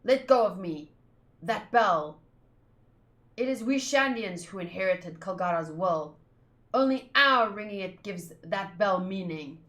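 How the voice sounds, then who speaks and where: A woman reading aloud as a proud, defiant young male warrior, lowering her voice to a gruff tone. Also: expressive, a little slow, a bit bright.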